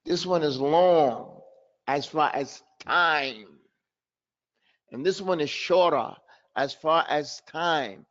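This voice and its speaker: Man teaching a recitation class, unhurried delivery, drills sounds again and again, Arabic terms mixed in, muffled online recording. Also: a little high, fairly bright tone. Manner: drills pronunciation by repeating sounds. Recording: dull lo-fi online class audio.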